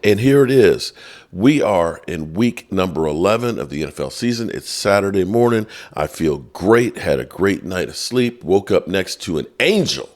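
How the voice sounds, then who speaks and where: Deep-voiced man hosting a sports show. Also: moderate pace. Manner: animated, chatty, talks straight to viewers. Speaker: sports podcast host. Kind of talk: casual opinionated sports commentary.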